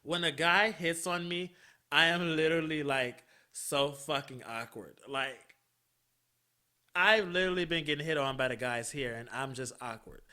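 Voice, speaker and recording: Bright-voiced chatty man telling a story. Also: a little high, normal speed. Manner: chatty, animated, swears freely, laughs often. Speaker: podcast host. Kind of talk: casual storytelling monologue.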